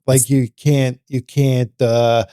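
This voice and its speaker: A man on a comedy podcast who talks in a halting, offbeat way during casual banter. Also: mid-range voice, level tone, dark tone, clean tone. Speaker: podcast co-host.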